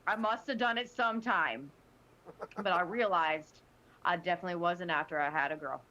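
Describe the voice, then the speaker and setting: A woman's voice: on the low side, normal speed, lo-fi sound. A woman in casual podcast talk, telling stories animatedly with lots of restarts and quoted voices. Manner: animated storytelling with many restarts. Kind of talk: casual chat.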